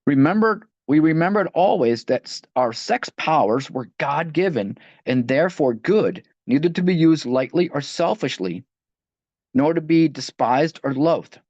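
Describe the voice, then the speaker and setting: A man's voice: a little high, expressive, a little slow, darkish tone, no room sound. A man leading a line-by-line recovery book study, talking conversationally and often restarting phrases as he reads passages aloud. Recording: dull, dry lo-fi audio.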